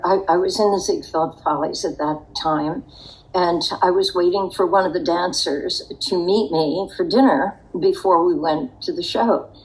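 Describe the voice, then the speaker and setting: Older woman, interview guest, lowish voice, reflective and wry storytelling. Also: a little mellow, low-quality recording.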